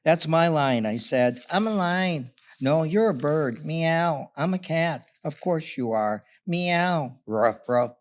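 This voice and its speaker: A man reading his own playful poem aloud at a poetry event, loudly and with voices for his characters. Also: on the high side, lively intonation, takes it slowly, hardly any pauses. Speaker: local poet.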